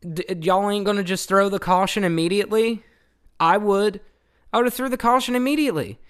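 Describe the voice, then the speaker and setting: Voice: medium pitch, brisk, fairly bright tone, clear, resonant tone. Heated, profane ranting host. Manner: heated, swearing often, repeats points for emphasis. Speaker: channel host. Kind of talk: profane old-school rant to camera.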